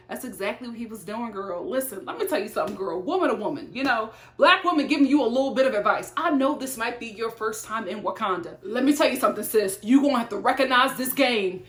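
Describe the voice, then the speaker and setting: A woman's voice: on the high side, expressive, fast talker, hardly any pauses, echoey room. A woman reviewing a TV show in blunt, sassy casual chat, talking straight to her viewers.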